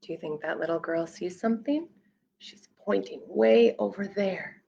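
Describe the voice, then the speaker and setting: A woman children's librarian reading a picture book aloud at storytime, playful and animated, with gasps and sound effects. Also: mid-range voice, moderate pace, vocal fry, husky, lo-fi sound.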